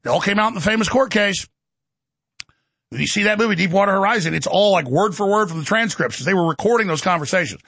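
A man hosting a talk show, ranting sarcastically with shouted bursts. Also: high voice, animated, fast, breathy edge, dry recording. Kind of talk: ranting monologue.

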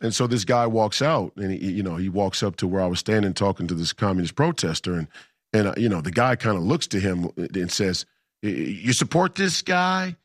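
A man's voice: sits low, fairly quick, no room sound, clean studio sound. A man in a casual storytelling monologue, emphatic and combative, repeating himself for effect. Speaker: political commentator.

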